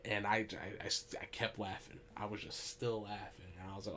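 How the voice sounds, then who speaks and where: A young man hosting a podcast, telling a story in a casual, animated and profane way. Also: on the low side, fairly quick, few pauses, slight background noise. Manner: animated, profane, laughing asides. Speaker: podcast host.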